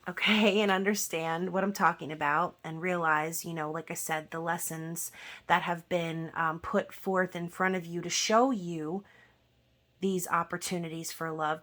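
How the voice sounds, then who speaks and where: Speaking to her viewers directly, a tarot reader gives a relaxed, conversational reading in a lowish voice with a fairly bright tone. She has a habit of tacking "okay?" onto the end of her points.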